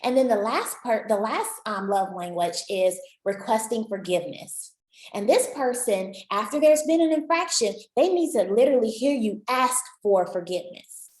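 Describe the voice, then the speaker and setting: A woman's voice: fairly high pitch, animated, moderate pace. Upbeat woman coach, echoey room. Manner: encouraging and chatty, addresses listener directly. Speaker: relationship coach. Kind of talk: motivational talk to camera.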